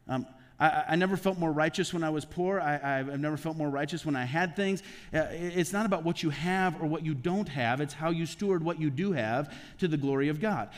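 A man's voice: on the high side, fairly quick. A male pastor giving a conversational sermon to his congregation, firing off rhetorical questions and speaking directly to the people in front of him. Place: church sanctuary. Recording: long reverb from a church hall.

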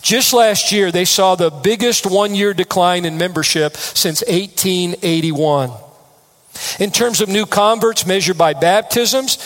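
A man's voice: sits high, fairly bright tone. A man preaching a sermon from the United States, earnest and emphatic, stressing key phrases through repetition. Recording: long hall reverb.

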